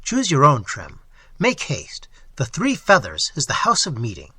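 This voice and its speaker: A man voicing a bold highwayman captain who gives brisk, clipped commands in a storybook reading. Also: wildly swooping pitch, sharp tone, slightly rough, no room sound, exaggerated voice. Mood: commanding.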